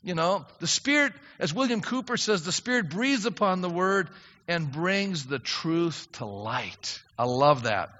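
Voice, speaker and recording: A man's voice: sits high, animated, a little slow, pushed and bright. An older man preaching a sermon as pastor, earnest and emphatic, often rising into fervent prayer. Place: church sanctuary. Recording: dull lo-fi sound in a reverberant hall.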